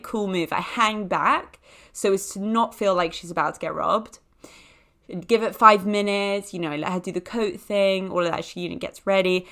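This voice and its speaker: A woman's voice: medium pitch, a bit bright. A young woman, hosting a podcast and telling a personal anecdote casually, full of fillers and self-mocking jokes. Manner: chatty, filler-heavy with jokey self-mocking asides. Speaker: podcast host.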